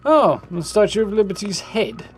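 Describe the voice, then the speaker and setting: A man streaming a game live, commenting in relaxed, musing asides and thanking viewers. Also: high-pitched, normal speed. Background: game sound and music.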